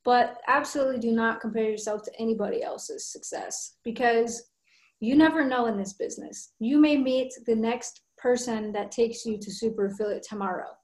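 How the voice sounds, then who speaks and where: A woman coaches her team over a video call, talking with earnest conviction. Her voice sits fairly high, and her room has a noticeable echo. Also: a little mellow. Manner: earnest, fast storytelling with conviction. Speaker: guest coach.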